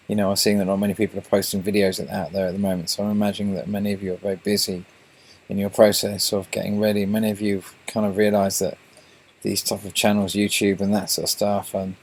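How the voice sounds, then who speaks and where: A man's voice: on the low side, slightly rough. An English man hosting his own channel, talking to viewers in a meandering monologue full of restarts and fillers. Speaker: channel host.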